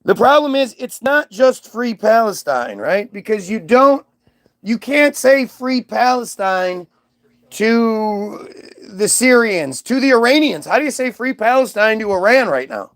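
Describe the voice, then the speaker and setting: Male streamer with a high voice, ranting loosely, casual profanity. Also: sing-song, a little slow. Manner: rambling, profane, reads aloud from screen. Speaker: livestream host. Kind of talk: rambling livestream monologue.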